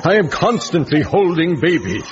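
A pompous, self-pitying husband. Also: male voice, a little high, sing-song, moderate pace, very noisy. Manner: grandiloquent, theatrical. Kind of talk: radio comedy acting. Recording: muffled recording.

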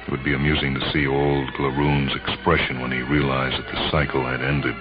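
A man narrating a dramatic story in a measured, brooding way, heard on an old, dull radio recording. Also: a bass voice, completely flat delivery, music in the background.

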